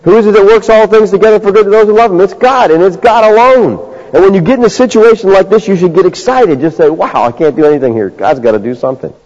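A man in a pastor's role preaches with a fairly high voice, talking to his listeners in a loose conversational way. He drops to quiet asides and then lifts into emphatic bursts. The recording sounds dull and lo-fi. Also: fast. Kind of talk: sermon.

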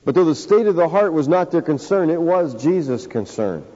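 A man preaching a sermon in an earnest, emphatic way, slowing down to stress key phrases. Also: a little high, animated, mellow. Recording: dull lo-fi sound with long hall reverb.

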